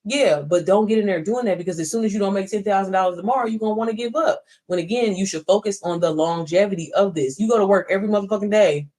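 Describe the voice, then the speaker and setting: A woman's voice: medium pitch, fast, hardly any pauses, a little mellow. Emphatic woman coaching viewers on livestream. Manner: emphatic, preachy, swearing, talks straight to viewers. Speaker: online business coach. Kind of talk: casual livestream pep talk. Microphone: phone.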